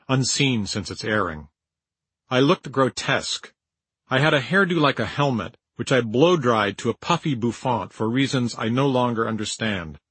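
Older man, husky and dry-witted. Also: mid-range voice, fairly bright tone, no echo, low-quality recording. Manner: dry, wry, measured storytelling. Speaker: memoir narrator. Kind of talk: audiobook memoir narration.

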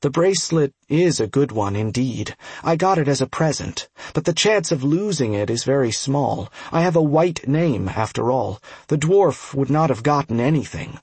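A calm, polite young healer who speaks plainly, as a man puts him on. The voice stays close to the narrator's own, husky and mid-pitched. Recorded dry with no room sound. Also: moderate pace, hardly any pauses, dry recording.

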